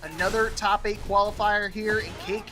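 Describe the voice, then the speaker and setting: Bright, casual esports co-commentator. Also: medium pitch, steady tone, moderate pace, faint music behind. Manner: casual, conversational, jokey. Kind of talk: fighting game tournament commentary.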